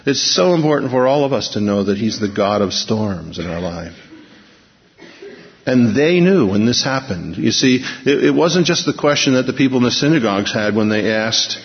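A man's voice: mid-range voice, expressive, moderate pace. Man preaching in a big echoing hall. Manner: storytelling, acts out quotes with shifting pace and volume. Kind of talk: sermon. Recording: dull, muffled sound in a long-reverb hall.

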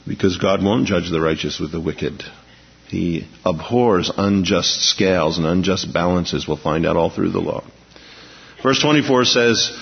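A man's voice: low-pitched, moderate pace, gravelly, breathy edge. A man preaching a sermon to a large congregation, speaking emphatically and dramatizing the scripture he reads. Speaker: pastor. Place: large church auditorium. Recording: dull, echoey recording of a big church hall.

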